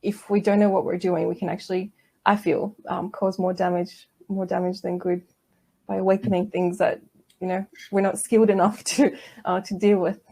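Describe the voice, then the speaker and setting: Calm, soft-spoken woman therapist. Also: mid-range voice, normal speed, gravelly. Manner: calm, gentle, explanatory. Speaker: massage therapist guest. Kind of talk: interview conversation.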